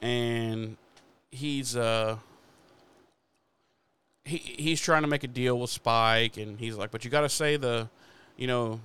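A man casually retelling a TV episode for a podcast, swearing often and slipping into quick quoted lines. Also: mid-range voice, fairly bright tone, clear, resonant tone. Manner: swears freely while retelling episode scenes. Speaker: podcast host. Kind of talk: casual recap chat.

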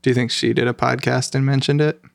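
A young man co-hosting a podcast in casual chat, with a deadpan delivery and dry quips. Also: medium pitch, quick pace, vocal fry, dry recording. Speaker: podcast co-host.

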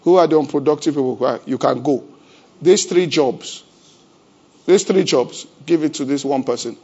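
A man preaching a sermon as pastor. He keeps asking the congregation rhetorical questions and swings between loud emphasis and a low, conversational tone. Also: normal speed, husky. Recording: dull lo-fi church recording.

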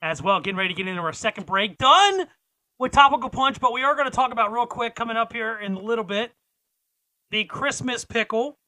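Male podcast co-host, bright and punchy, teases each news beat; dry studio sound. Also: very high voice, expressive, fairly quick, no room sound, low-quality recording. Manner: teasing, with dramatic build-ups. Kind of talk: casual podcast news chat.

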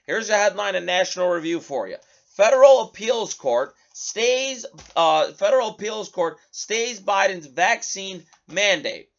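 Man, political talk show host, indignant commentary, animated delivery, high voice. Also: a little slow, gravelly, muffled recording. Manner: animated, indignant, reads headlines aloud.

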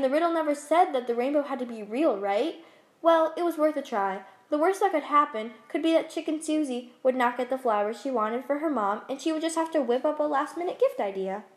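A woman reading her own children's story aloud, gently and expressively. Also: high voice.

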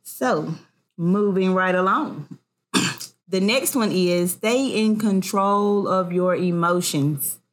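A woman in casual chat as a podcast co-host, telling animated family stories. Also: lowish voice, slow. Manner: animated storyteller, acts out family voices.

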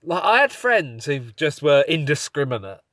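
A man's voice: on the high side, big pitch swings, normal speed, a bit bright, no room sound, studio quality. A man co-hosting a podcast in casual comedic chat, rambling as he sets up scenarios. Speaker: podcast co-host.

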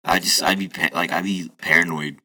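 A man's voice: deep voice, fairly even intonation, brisk, pushed and bright. A young man co-hosting a podcast, laid-back and slangy in casual chat. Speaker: podcast co-host.

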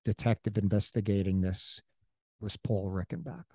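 Chatty man, mellow and dry. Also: on the low side, fairly even intonation, moderate pace, no echo. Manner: chatty, rambling with restarts and asides. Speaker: podcast co-host. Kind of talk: casual chat about local history.

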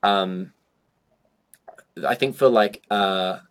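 A man's voice: lowish voice, extremely slow, a bit bright, clear, resonant tone. A young man, a drag performer, chatting in an interview and telling stories in a loose way, full of "like" and casual swearing. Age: young adult. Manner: chatty storytelling, heavy on "like", swears freely.

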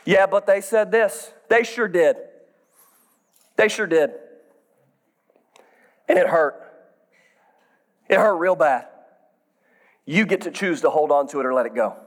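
A man in his thirties, a pastor preaching a sermon, building up to shouts for emphasis. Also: on the high side, lively intonation, slow pace, pauses often.

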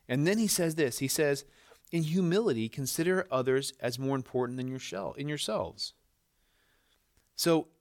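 A male pastor delivering a sermon in a mid-pitched voice, explaining scripture with frequent small restarts. He turns emphatic and repetitive when pressing a point home. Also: creaky. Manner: emphatic, repeats words when stressing a point.

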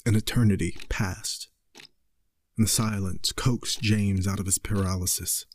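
A man narrating a horror story in a slow, measured way. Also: lowish voice, a little mellow.

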